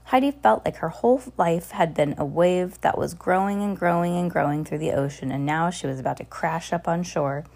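A woman reading a children's chapter book aloud with expressive, animated storytelling. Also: on the low side, normal speed, vocal fry, few pauses. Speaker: storybook reader.

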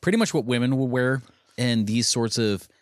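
A young man co-hosting a podcast, rambling casually and reading aloud haltingly. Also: medium pitch, lively intonation, no echo, clean studio sound. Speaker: podcast co-host. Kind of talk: casual chat.

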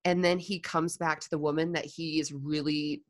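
A woman's voice: low-pitched, little pitch movement, normal speed. A woman hosting a podcast interview, reacting with enthusiastic exclamations and asking follow-up questions. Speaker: podcast host. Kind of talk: conversational interview.

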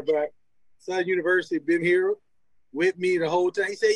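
A man's voice: high-pitched, fairly quick, no room sound, low-quality recording. A man from Louisiana, a former college football player, telling stories casually as an interview guest, laughing often and acting out what people said. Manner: animated, laughs often, acts out quoted dialogue. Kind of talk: casual storytelling.

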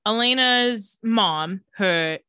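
A woman co-hosting a casual chat, retelling scenes with quick voiced quotes and laughs. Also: mid-range voice, pushed and bright, clean tone, no echo, studio quality. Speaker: podcast co-host recapping a TV episode.

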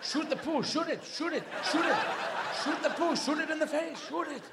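A shrill, frantic guard dog, put on by a male comedian that barks out high, yappy warnings with total certainty. The voice is very high and shouted. It is a live stand-up set with clear crowd noise behind it. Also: moderate pace. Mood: urgent.

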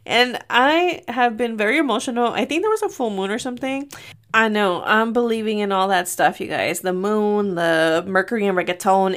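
A woman's voice: on the high side, a bit bright. A young adult woman hosting a casual solo podcast from her room, telling stories in a chatty way and often laughing. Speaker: podcast host.

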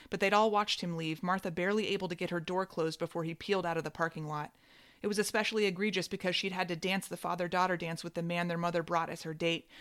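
A woman narrating literary fiction in a measured, wry reading voice. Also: on the low side, a bit bright, clear, resonant tone.

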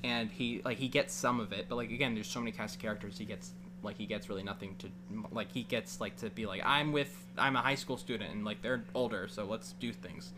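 A man's voice: lowish voice, fairly even intonation, brisk, noisy background. A man guesting on a film podcast, irreverent and jokey, swearing casually.

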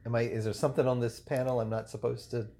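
A man's voice: mid-range voice, flat delivery, fast, warm tone, a little hiss or hum, lightly acted. A man playing a damned soul who hosts a podcast from hell. He acts as the exasperated straight man in an improvised comedy podcast. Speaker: podcast host. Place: podcast studio.

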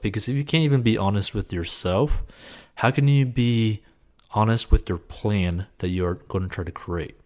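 A personal finance host with a fairly low, darkish voice answers a viewer's question at a normal speed. His money advice is casual, earnest, and encouraging, peppered with "like" and "you know."

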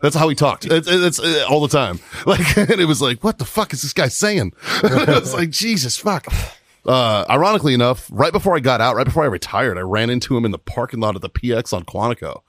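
A man's voice: medium pitch, expressive, fast, few pauses, fairly bright tone, dry recording. Profane ex-Marine man telling stories. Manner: profane, joking storyteller. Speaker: podcast co-host, former Marine. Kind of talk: casual chat.

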